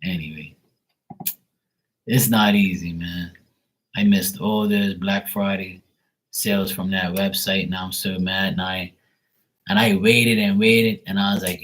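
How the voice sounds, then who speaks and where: Ranting, cursing man with a lowish voice. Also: little pitch movement, measured pace, long pauses, fairly bright tone, low-quality recording. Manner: irritated, profane, ranting. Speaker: livestream tarot reader. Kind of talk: casual livestream rant.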